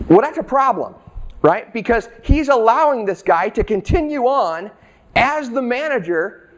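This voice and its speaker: Middle-aged man, high voice, chatty pastor delivering a sermon. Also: animated, unhurried. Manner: conversational, acts out the characters' lines.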